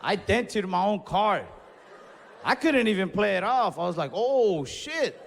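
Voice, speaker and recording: A man's voice: high-pitched, lively intonation, normal speed, vocal fry. Young man, stand-up comedian, laid-back storytelling, swearing, long hall reverb, faint room noise. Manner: laid-back, swearing, acts out his own yelling. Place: comedy club stage. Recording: live stage recording in a reverberant hall.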